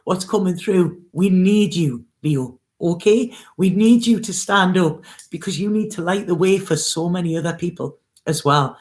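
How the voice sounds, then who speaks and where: A woman's voice: fairly low pitch, moderate pace, few pauses, a little mellow. Earnest, coaxing woman tarot reader. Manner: earnest, coaxing, with frequent "okay?" and "you know". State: near tears, emotional. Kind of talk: spiritual reading, casual monologue.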